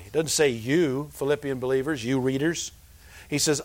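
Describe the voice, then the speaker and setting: A man's voice: medium pitch, measured pace. A man preaching a sermon as pastor, earnest and emphatic, repeating his key phrases. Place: church sanctuary.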